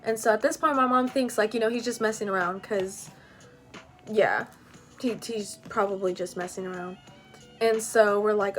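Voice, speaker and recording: A woman's voice: medium pitch, normal speed, faint music behind. A young woman telling a personal story in a casual, rambling way, full of "like" and "you know".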